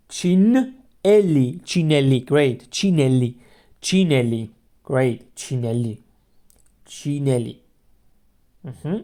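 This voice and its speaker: Slow, mellow-voiced language teacher. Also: medium pitch. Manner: patient, repeats each word several times as a drill. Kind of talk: beginner language lesson podcast.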